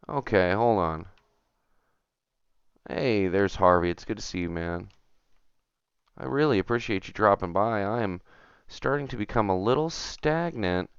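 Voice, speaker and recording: A man's voice: lowish voice, gravelly, clear, resonant tone, no room sound, lo-fi sound. A man streaming a retro game, talking to himself and his viewers as he plays, getting frustrated and muttering. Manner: chatty, self-talking, gets frustrated and mutters. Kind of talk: casual gameplay commentary.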